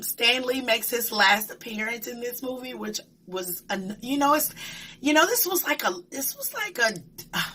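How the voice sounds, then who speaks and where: A woman giving a casual, excited movie review, emphatic and slangy. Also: a little high.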